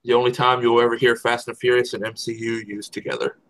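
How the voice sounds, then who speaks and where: A man sits in as co-commentator on a trivia match, tossing in amused asides and chuckles between the questions. His voice sits in a middle pitch. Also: little pitch movement, fast talker, a bit bright, rough recording. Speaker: co-host commentator.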